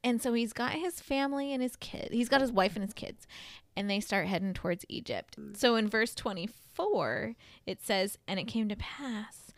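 A woman host telling a Bible story as comedy, animated and profane. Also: a little high, normal speed, dry recording.

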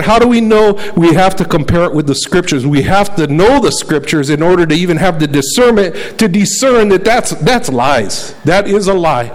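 A man's voice: sits high, poor audio. A man preaching a sermon in a conversational, fervent way, often repeating words as he searches for them. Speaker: pastor.

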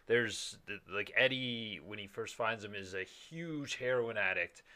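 A man in casual conversation with a bright, forceful voice that sits a little low. He rambles, restarts his sentences often and swears now and then. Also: unhurried. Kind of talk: casual chat.

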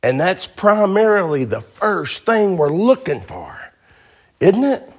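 A male pastor delivers a folksy, emphatic sermon. His voice sits slightly high and swoops animatedly, and he repeats key phrases to drive them home. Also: sing-song, takes it slowly, slightly rough.

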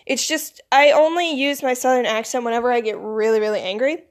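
A woman with a Michigan accent rambles through a casual vlog monologue in a somewhat high voice. She sounds groggy, as if she woke up not long ago. Her talk is loose and full of "like" and "you know". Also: a little fast. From United States. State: groggy, recently woken. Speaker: vlogger.

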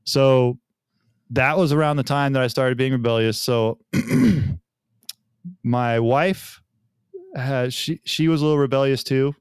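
A father of young kids in his thirties speaks slowly with frequent pauses in a smooth, mid-range voice, casually recounting family tales on a podcast. He acts out other people's dialogue in a relaxed way, captured in clean studio sound without echo.

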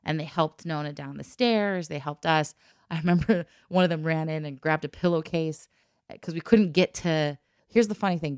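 A woman telling a personal story in casual chat, lively and laughing often as she acts out the voices of the people in it. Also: sits low, no room sound, studio quality.

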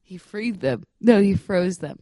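A woman co-hosting a casual comedy chat, deadpan with offbeat remarks. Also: medium pitch, a little slow, no room sound. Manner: deadpan, offbeat non sequiturs. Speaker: podcast co-host.

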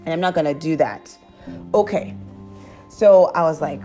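A woman telling her viewers a confessional story in a chatty, animated way, laughing as she goes. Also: normal speed, faint music behind. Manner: laughs often and breaks into high squeals. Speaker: vlogger.

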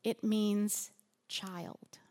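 Slow, gentle woman preaching a sermon. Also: mid-range voice, fairly even intonation. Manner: slow, gentle and earnest, softening on repeated phrases.

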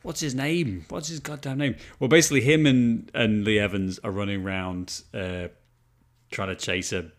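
A man's voice: on the low side, steady tone, moderate pace. A man co-hosting a podcast, chatting casually about a movie with lots of swearing and restarts. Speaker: podcast co-host. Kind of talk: casual movie review chat.

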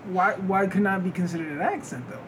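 A man's voice: high voice, fairly quick, slight background noise. A man, co-hosting a podcast in casual chat, asking questions and restarting his sentences. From Philadelphia. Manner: questioning, hesitant, restarts often. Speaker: podcast co-host.

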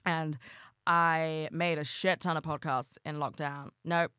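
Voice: medium pitch, little pitch movement, measured pace, pushed and bright, clean tone, no room sound, studio quality. A young adult host talking casually and passionately on a solo podcast, swearing freely and rambling with lots of fillers.

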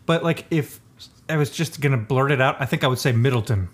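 A man's voice: medium pitch, brisk. A man co-hosting a podcast in casual chat, joking and rambling, often laughing. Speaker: podcast co-host.

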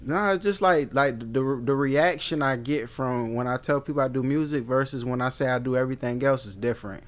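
A man's voice: medium pitch, fairly quick. A man co-hosting a podcast, telling a candid personal story in casual, slangy talk with frequent restarts. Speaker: podcast co-host.

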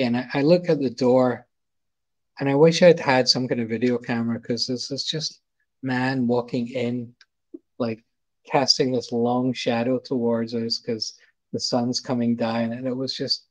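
A middle-aged man with a Scottish accent tells a long anecdote in a loose, chatty way. He stumbles, repeats words and circles back as he goes, at a medium pitch. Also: fairly even intonation, moderate pace. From Scotland. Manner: rambling, repeats words and restarts often. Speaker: guest, photographer. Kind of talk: casual anecdote storytelling.

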